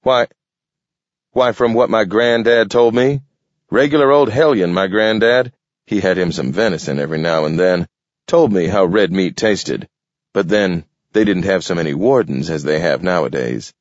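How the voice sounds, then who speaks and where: A man's voice: deep voice, animated, moderate pace, no echo, muffled recording. A man doing a shifty, stammering wolf. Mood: evasive. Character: sly male wolf, shifty and evasive.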